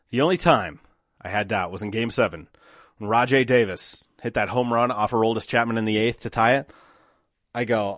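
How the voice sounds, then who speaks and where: A man hosting a solo podcast, telling stories with animated, emphatic bursts of excitement. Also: fairly low pitch, moderate pace, no room sound, clean studio sound. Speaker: podcast host.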